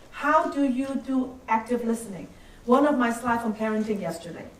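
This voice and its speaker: An older woman giving a workshop on soft skills, coaching the audience and tagging points with "right?" and quick questions. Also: sits high. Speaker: workshop speaker. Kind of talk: soft-skills seminar talk. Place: seminar room. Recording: echoey room, voice from far off.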